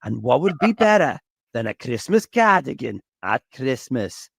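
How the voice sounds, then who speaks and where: A man voicing a jolly male snowman, in a drawn-out, sing-song way, recorded for an animated character. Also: mid-range voice, creaky, slightly rough, no echo, studio quality, voice pushed up, heavily acted.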